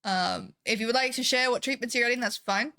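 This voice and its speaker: Sleepy woman streamer, bright voice. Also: on the high side, a little fast. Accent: put-on Irish that slips into Southern US. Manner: rambling, sweary, giggly. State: sleepy and foggy on painkillers. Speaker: game streamer. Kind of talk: casual live-stream chat while gaming.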